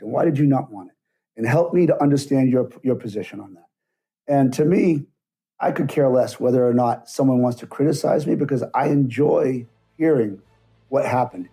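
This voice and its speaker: A man's voice: medium pitch, brisk, warm tone. A middle-aged man, a stunt coordinator, telling work stories bluntly and acting out both sides of conversations. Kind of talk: casual interview storytelling.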